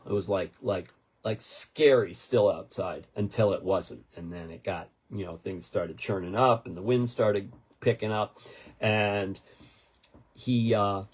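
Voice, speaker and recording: Gravelly, husky man in his sixties. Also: fairly low pitch. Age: 60s. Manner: rambling, animated storyteller with many restarts. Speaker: podcast co-host. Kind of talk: casual storytelling chat.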